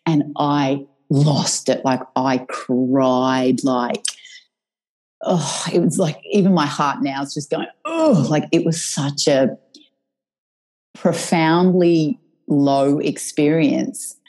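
A woman tells her own story as a guest, candid and animated. Her voice sits low and mellow with a husky edge, and she speaks with open emotion and the odd swear word. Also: slow, poor audio.

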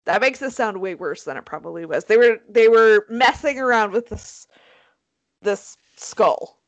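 A woman co-hosting a casual chat, telling a story in an animated, profane, self-mocking way. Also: medium pitch, a little slow, no echo, dull audio. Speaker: podcast co-host.

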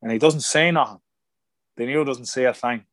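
Animated male storyteller, dry close mic. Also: mid-range voice, fairly quick, dry recording. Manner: animated storyteller, acts out quoted voices. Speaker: guest, former boxer turned actor. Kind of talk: casual storytelling in an interview.

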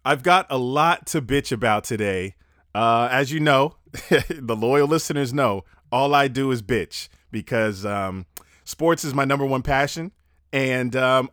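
A man's voice: mid-range voice, a little slow, fairly bright tone, dry recording, clean studio sound. A young man hosting a casual sports podcast alone, ranting profanely with plenty of fillers. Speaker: podcast host.

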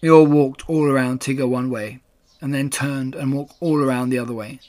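A man narrating a classic children's story in a measured, gentle storytelling manner. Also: mid-range voice, steady tone. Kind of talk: storybook reading.

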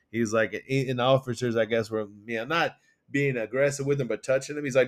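A man co-hosting a political podcast, rambling and animated as he retells stories with quoted voices. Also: medium pitch, fairly quick. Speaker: podcast co-host. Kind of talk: casual political chat.

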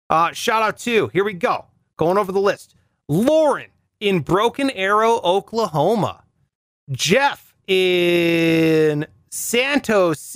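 A man with a high-pitched voice hosting a podcast, chatting casually and reading out listener shout-outs. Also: no echo, studio quality. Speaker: podcast host.

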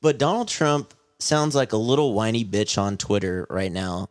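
A man co-hosting a casual podcast, swearing freely as he riffs in a blunt, mocking way. His pitch swings widely from line to line. The sound is close and dry, with no room around it. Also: lively intonation, normal speed, dry recording. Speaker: podcast co-host. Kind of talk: casual profane banter.

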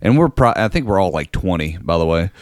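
A man's voice: low-pitched, very animated, brisk, a little mellow, no room sound, studio quality. A young man telling a profane party story in casual chat, full of fillers like "like.".

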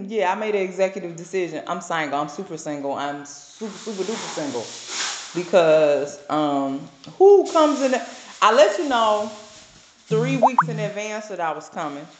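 A woman, co-hosting a podcast and telling a lively story with plenty of laughter. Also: mid-range voice, normal speed, slight background noise. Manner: animated storytelling, laughs often. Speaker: podcast co-host. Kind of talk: casual chat. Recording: echoey room.

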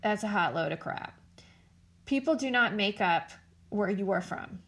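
A woman's voice: medium pitch, expressive, a little slow, a bit bright. A woman hosting a casual commentary show, blunt and sarcastic, swearing freely as she talks.

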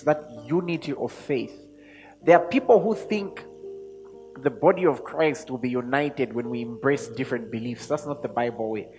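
A man preaching a sermon to a congregation, speaking emphatically and rising to loud peaks when he reads scripture. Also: medium pitch. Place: church hall. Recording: long hall reverb with faint music.

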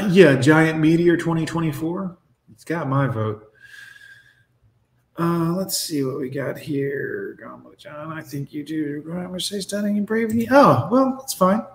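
A man's voice: fairly high pitch, unhurried. A man in his forties hosting a casual reaction stream, talking in a blunt, sarcastic, profane way. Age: 40s. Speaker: streamer host reacting to videos. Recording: echoey room.

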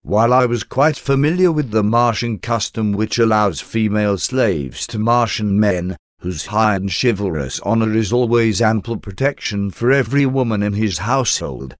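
A man narrating an adventure audiobook in the first person, with a measured, formal storytelling manner. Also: on the low side, no room sound, studio quality.

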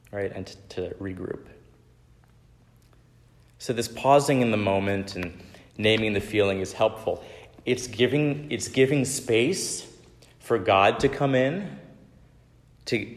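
A man in his thirties delivers a sermon built on personal stories, checking in with "right?" as he goes. His voice sits a little low and moves at an unhurried pace. The recording is roomy, with a long hall reverb. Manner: conversational, frequent "right?" tag questions. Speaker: pastor.

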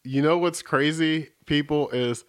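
A man hosting a podcast in a relaxed, joking way, rambling with fillers. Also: fairly high pitch, a little slow, smooth. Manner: laid-back, jokey, rambling with fillers. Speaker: podcast host. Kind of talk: casual chat.

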